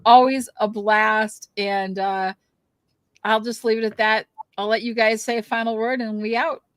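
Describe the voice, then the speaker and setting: A woman's voice: fairly high pitch, fairly even intonation, a little slow, no echo. A woman hosting a fan podcast, wrapping up in a chatty, rambling way with plenty of ums and thank-yous. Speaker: podcast host. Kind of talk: casual show wrap-up chat.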